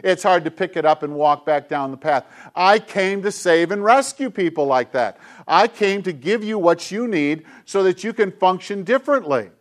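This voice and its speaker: A middle-aged male pastor preaching a sermon with an emphatic, repetitive cadence, dropping at times into soft, hushed tones. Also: high-pitched, expressive, moderate pace, hardly any pauses. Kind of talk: sermon to a congregation with kids.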